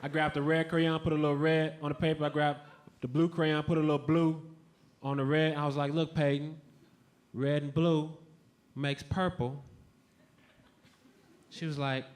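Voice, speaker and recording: A man from the Chicago area doing a stand-up set with laid-back, deadpan storytelling. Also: fairly high pitch, brisk. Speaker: stand-up comedian. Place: comedy club stage with a live audience. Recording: noisy club with audience sounds.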